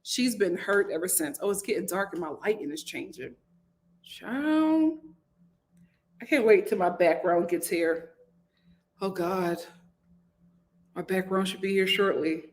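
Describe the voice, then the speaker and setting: A woman's voice: unhurried, pauses often. A young adult woman hosting a live reality TV review from home, chatting animatedly and reading viewer comments aloud. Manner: chatty and animated, jumps to high-pitched exclamations and acted quotes. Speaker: host. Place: home room, lit by a window.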